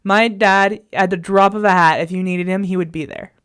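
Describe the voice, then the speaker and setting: A woman's voice: mid-range voice, fairly even intonation, moderate pace, fairly bright tone, smooth. Exasperated woman telling a personal story. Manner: exasperated, emphatic retelling. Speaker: vlogger. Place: a bedroom at home.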